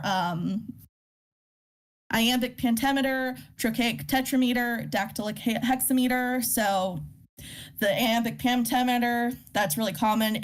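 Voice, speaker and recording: A woman hosting a casual poetry workshop, explaining terms with many fillers and restarts and reading poems aloud. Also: on the high side. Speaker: workshop host teaching poetry. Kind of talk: informal live lesson.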